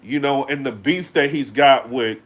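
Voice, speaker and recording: A man chatting casually on a live stream, animated and full of fillers, breaking into loud shouts when he gets excited. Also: mid-range voice, normal speed. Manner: animated, loose, full of fillers like "you know what I'm saying". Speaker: battle rap commentator.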